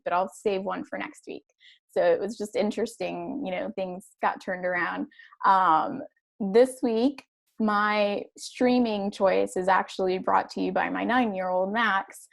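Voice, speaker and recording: Chatty woman co-host, light Spanish accent. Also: medium pitch. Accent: Latin American Spanish. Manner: chatty, laughs easily, lively storytelling. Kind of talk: casual chat.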